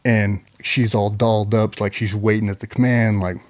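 A middle-aged military veteran telling a long story in a loose, profane way, full of ums and likes. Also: male voice, fairly low pitch, little pitch movement, moderate pace. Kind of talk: casual storytelling.

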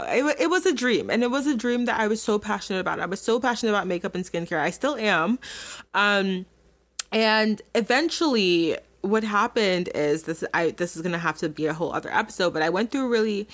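A woman's voice: mid-range voice, a bit bright. A young adult woman hosting her own podcast, talking candidly and chattily straight to her listeners. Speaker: podcast host. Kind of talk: casual solo podcast monologue.

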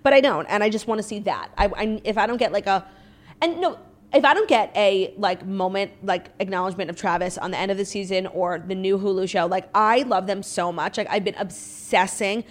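A young-sounding woman co-hosting a chatty podcast, talking quickly and with firm opinions. She fills her speech with "like" and tosses in casual swearing. Her pitch sits in an ordinary middle range. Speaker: podcast co-host. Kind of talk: casual pop-culture chat.

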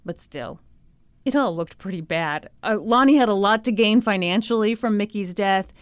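Clean-toned and mid-range, this woman speaks at normal speed with no echo. As a podcast host, she tells a comedic story with sarcastic humor, animated energy, and frequent laughs.

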